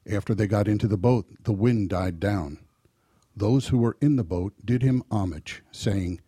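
A man reading a Gospel passage aloud in a measured, solemn way. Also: lowish voice, dark tone, slightly rough, no room sound, studio quality. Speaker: scripture reader.

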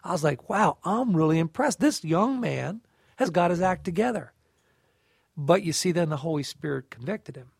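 A man co-hosting a scripture reflection, telling a personal story in a lively way and acting out the dialogue. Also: a little high, normal speed, gravelly, breathy edge, dry recording, studio quality. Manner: animated storyteller, acts out dialogue. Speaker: co-host of a scripture reflection show. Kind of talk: conversational faith reflection.

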